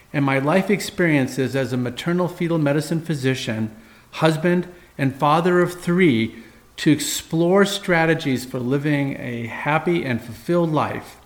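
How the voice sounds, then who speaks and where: A middle-aged man, a physician and host, telling a personal story in an earnest, measured way with frequent uhs and restarts. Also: a little high.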